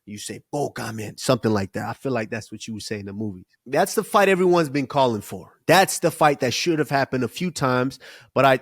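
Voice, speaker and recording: A man co-hosting a fight podcast in casual chat, laid-back and drawn-out, laughing easily as he breaks down matchups. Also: medium pitch, no room sound, studio quality. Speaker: podcast co-host, fight analyst.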